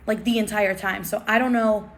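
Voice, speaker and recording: A woman's voice: medium pitch, steady tone, moderate pace. A young woman, telling a story to camera in a chatty, breathless, dramatic way with lots of fillers. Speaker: vlogger. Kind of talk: casual storytime.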